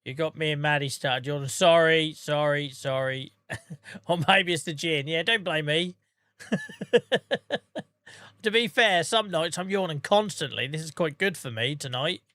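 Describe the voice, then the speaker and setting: A man chatting casually on a gaming livestream, calling viewers by name and humming little tunes between remarks. His voice is bright and forward, and it sounds dry and close. He sounds relaxed. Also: on the high side, a little slow, pauses often, no room sound. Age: adult with a day job. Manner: chatty, talks to viewers by name, hums to himself. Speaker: streamer.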